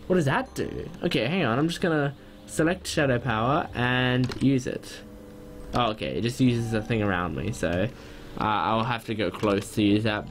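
A young man giving excitable gameplay commentary, quick to get frustrated and loud when things go wrong. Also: mid-range voice. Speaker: gaming channel host.

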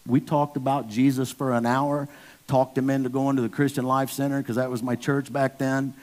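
A man's voice: mid-range voice, normal speed. Candid storytelling pastor in his fifties. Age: 50s. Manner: candid, storytelling, bursts into loud excited impressions. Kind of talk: sermon.

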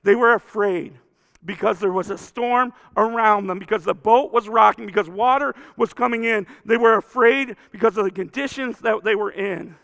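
A male pastor preaching a conversational sermon that swings between loud emphasis and hushed, quiet lines. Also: high-pitched, moderate pace, vocal fry, in a large hall. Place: church sanctuary.

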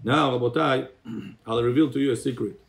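This rabbi's voice is medium-pitched, steady, and creaky, moving at normal speed as he teaches Torah to his congregation. He singles out listeners by name to quiz them, mixing Hebrew phrases into his English.

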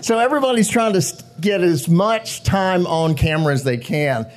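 A man, an actor guest, telling stories at a live show, animated, laughing often and acting out what others said. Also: high-pitched, moderate pace. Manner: animated, laughing, acts out quotes. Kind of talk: live storytelling to an audience. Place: live show venue with audience.

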